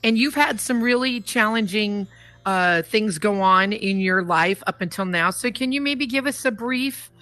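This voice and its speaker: A woman hosts a talk show in a virtual world, chatty and effusive as she greets her audience. Her voice is bright, and soft guitar music plays faintly behind her through the headset mic. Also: mid-range voice, a little slow, no echo.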